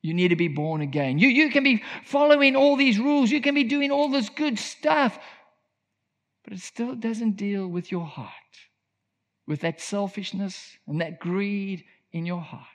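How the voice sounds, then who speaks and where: A man's voice: high-pitched, a little slow, a bit bright. A man preaching a sermon in an earnest, emphatic teaching tone. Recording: long reverb of a large hall.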